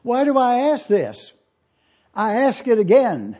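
A man in his eighties preaching a sermon, reading scripture and stressing his points by repeating questions slowly. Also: very high voice, huge pitch swings, dark tone. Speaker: pastor. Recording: dull lo-fi recording.

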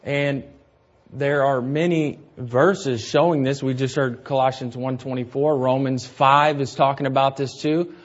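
Slow, deliberate male preacher. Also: mid-range voice, fairly even intonation, highs cut off. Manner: slow, deliberate, repeats key phrases. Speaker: pastor. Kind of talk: expository sermon.

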